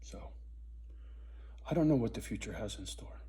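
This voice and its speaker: A man speaks straight to camera, recounting a hard personal story in a raw, unfiltered way. His voice is husky and his pitch is of middle height. He swears often and speaks with blunt intensity. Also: expressive, moderate pace, dark tone, whispered. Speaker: vlogger.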